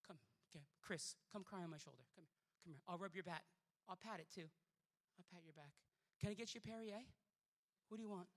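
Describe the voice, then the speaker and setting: A preacher putting on a soft, low, cooing voice, mocking someone who coddles a sulking churchgoer. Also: flat delivery, fast, long pauses, lightly acted. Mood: coddling.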